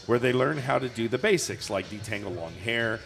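Gravelly, laughing man chatting. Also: medium pitch, a little fast, over music. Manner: chatty, laughs often, self-mocking. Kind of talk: casual chat.

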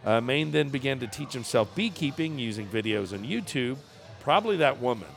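A man with a gravelly voice reads a story aloud during a relaxed co-hosted chat. His pitch swings widely and he slips in jokes and laughs. Faint music sits in the background. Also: a little fast. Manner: jokey, laughs often, restarts while reading. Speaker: podcast co-host. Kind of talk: casual chat, reading a news story aloud.

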